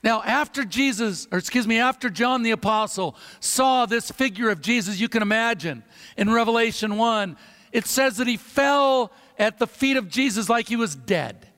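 Male pastor, high voice, emphatic sermon delivery with repeated phrases, booming hall reverb. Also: normal speed, fairly bright tone.

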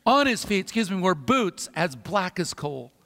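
Male pastor, high voice, emphatic sermon delivery with repeated phrases, booming hall reverb. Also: sing-song, moderate pace, creaky, pushed and bright.

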